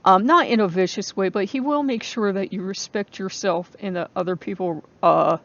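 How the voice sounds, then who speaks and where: A woman's voice: mid-range voice, normal speed, a bit bright, dull audio. A woman hosting a casual vlog monologue who rambles with many fillers and frequent laughs. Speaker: channel host.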